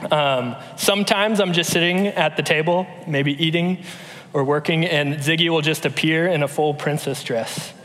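A man in his thirties giving a conversational sermon, telling stories in a relaxed way with frequent fillers and restarts. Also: on the high side, normal speed. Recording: long hall reverb.

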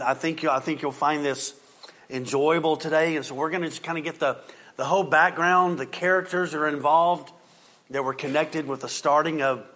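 A man's voice: fairly high pitch, a bit bright. A man giving a casual sermon to a congregation, reading scripture aloud and explaining it in an informal, folksy way. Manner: informal, uses "y'all", reads scripture aloud. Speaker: pastor.

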